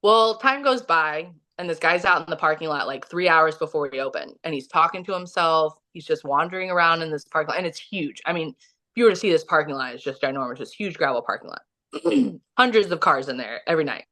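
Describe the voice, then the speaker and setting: A woman's voice: low voice, lively intonation, fairly quick, sharp tone. A woman from the US Midwest, a podcast guest telling a story in a casual, rambling way, full of "like" and restarts. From Kansas City, Missouri, US. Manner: rambling, heavy use of "like" and restarts.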